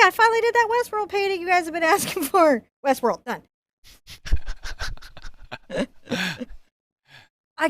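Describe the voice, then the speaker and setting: A woman giving a painting lesson, chatting playfully and joking as she works. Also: on the high side. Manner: chatty, playful, jokes and laughs while painting. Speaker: painting instructor.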